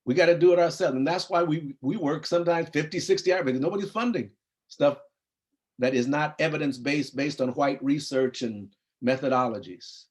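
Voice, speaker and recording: At a moderate pace and with a voice on the high side, a fifties-aged psychologist and program founder from Compton, California acts out dialogue while sincerely telling a personal story at a briefing.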